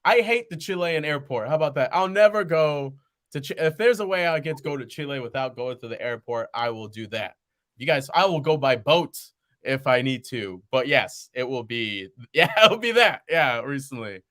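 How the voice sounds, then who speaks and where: Bright-voiced young man telling animated stories. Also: mid-range voice, moderate pace. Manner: animated, laughs often, jumps into quoted voices. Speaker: podcast guest. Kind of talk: casual storytelling chat.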